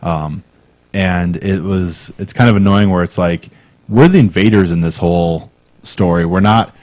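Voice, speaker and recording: A man's voice: low-pitched, unhurried, darkish tone, no echo. A man co-hosting a podcast, chatting casually in a rambling, hesitant way with fillers. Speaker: podcast co-host. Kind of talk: casual chat.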